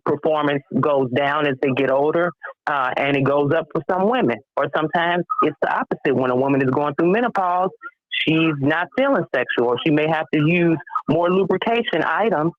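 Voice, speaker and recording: Caller: middle-aged woman, Chicago accent, frank and halting, dry sound. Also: low-pitched, dry recording. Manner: frank, thoughtful, halting with fillers. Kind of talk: casual chat. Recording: muffled phone line.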